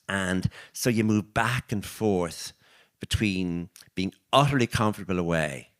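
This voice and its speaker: An older Irish author talking with an interviewer at a live book event, telling reflective anecdotes with restarts and lively quoted voices. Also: male voice, low voice. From Ireland. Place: arts venue, live audience.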